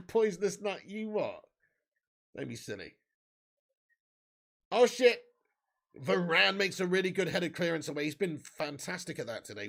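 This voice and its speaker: Gravelly high-voiced man hosting a football watch-along. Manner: banter with chat, swearing, excited bursts on chances.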